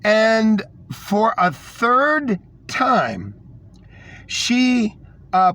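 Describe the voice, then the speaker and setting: Guy with a high voice ranting on his show, rambly and scornful, keeps repeating himself. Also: a bit bright, dry recording. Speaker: podcast host. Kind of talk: ranting monologue.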